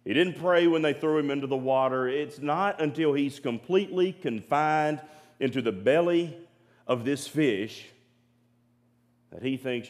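Earnest preacher man, mid pitch. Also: unhurried. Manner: earnest, repeats words, drops to quiet emphasis. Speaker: pastor. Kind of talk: sermon. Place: church sanctuary.

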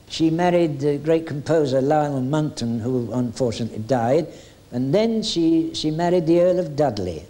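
A man's voice: fairly high pitch, darkish tone. An older man, telling stories in a chatty, jokey way, with hesitant fillers now and then. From England. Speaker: retired music hall entertainer reminiscing. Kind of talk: anecdotal storytelling.

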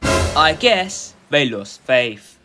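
A man voicing a stiff robotic male sports announcer, calling a video game match in a formal monotone. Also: a little high, extremely slow, exaggerated voice. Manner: monotone, formal commentary phrasing. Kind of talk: mock sports commentary. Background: music.

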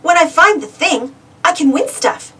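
A woman voicing an eager, excitable young boy in a read-aloud storybook. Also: very high-pitched, moderate pace, recorded from a distance, pitched above the performer's own voice. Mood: pleading. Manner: pleading and excitable.

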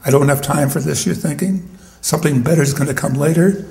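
A man's voice: fairly high pitch, brisk, vocal fry, mellow, echoey room. A man voicing a streetwise talking dog in a poem, blunt and wry, recorded at a live poetry reading.

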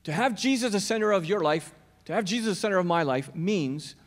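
In a church auditorium with the long reverb of a church hall, a male pastor preaches a sermon conversationally, putting questions directly to his congregation. His voice sits high, and he sounds animated and fairly quick.

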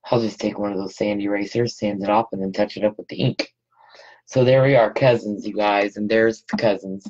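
A woman's voice: extremely low pitch, fairly even intonation, a little fast, darkish tone. Chatty woman hosting a crafting stream. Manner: chatty, talks to viewers while working. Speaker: scrapbooking host. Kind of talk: casual live craft stream. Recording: dull lo-fi sound.

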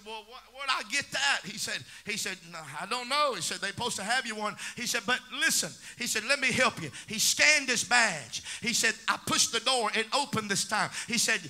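Male church preacher, very high and bright with a gravelly grit, storyteller who builds to shouts. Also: normal speed, few pauses. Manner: builds to shouting and sing-song climaxes; storytelling with quoted dialogue. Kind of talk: preaching a sermon. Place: church sanctuary.

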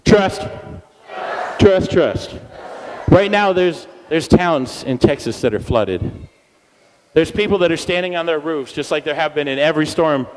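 A man speaking as a guest at a church service, energetic and playful, leading the crowd in call-and-response chants. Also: a little high, normal speed. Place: church hall. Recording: long reverb of a church hall.

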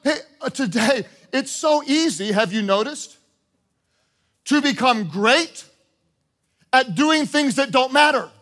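A man preaching a sermon as pastor, animated, acting out short exchanges and repeating his points. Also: very high voice, slow pace, long pauses. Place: church auditorium with congregation.

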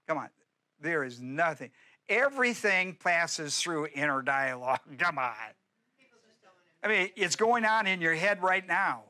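Male pastor, middle-aged, bright voice a touch high, emphatic repetitive sermon delivery. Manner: emphatic, repetitive preaching with direct questions to the congregation.

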